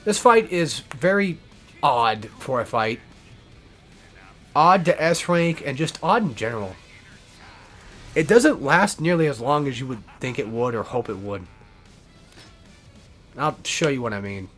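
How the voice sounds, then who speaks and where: A man's voice: mid-range voice, animated, unhurried, pauses often, fairly bright tone, faint music behind. A man giving rambling, casual gameplay commentary as a let's player, swearing often and correcting himself as he goes. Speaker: let's play gamer.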